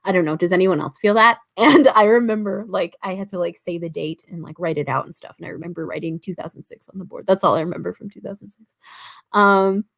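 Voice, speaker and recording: A woman's voice: lowish voice, fast, creaky. A young woman from Toronto with a Canadian accent, hosting a casual writing livestream, chatty and full of fillers as she reads viewer comments aloud. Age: about 19.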